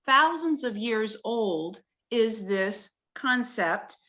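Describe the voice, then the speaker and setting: A woman's voice: on the high side, expressive, very slow, sharp tone. A woman, a talk-show guest, earnestly walking through slides of her research in a video-call conversation and explaining each with wonder.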